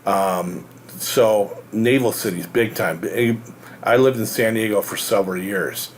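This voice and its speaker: American male host, low voice, halting and rambling explainer with faint room hum behind. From United States. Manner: rambling, halting, many fillers and restarts. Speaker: real estate show host. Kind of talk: casual explanatory monologue.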